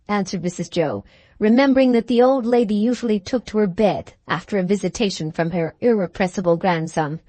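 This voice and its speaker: A woman narrating a classic novel as an audiobook with expressive storytelling. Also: mid-range voice, a little fast, no echo. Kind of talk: scripted narration.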